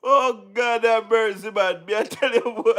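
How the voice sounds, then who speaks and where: A Jamaican man talks in a very high voice with a bright, forceful edge. He gives casual commentary, mocks his subject, laughs often and keeps repeating his phrases. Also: fairly even intonation, normal speed, a little hiss or hum. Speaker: online political commentator.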